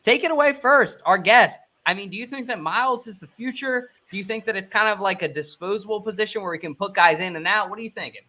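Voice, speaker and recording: A man's voice: sits high, lively intonation, quick pace, hardly any pauses, pushed and bright. A man hosting a casual podcast, introducing his guest in an upbeat, hyped way. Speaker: podcast host.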